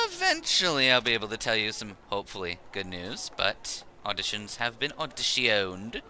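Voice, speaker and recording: A man's voice: lowish voice, huge pitch swings, moderate pace, sharp tone, slight background noise, poor audio. A man chatting and joking casually while streaming a video game. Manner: playful, joking.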